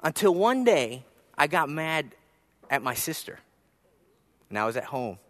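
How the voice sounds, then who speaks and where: High-voiced man preaching in a reverberant hall. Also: very animated, measured pace. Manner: storytelling, swings between soft asides and emphatic rises. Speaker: pastor. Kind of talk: sermon.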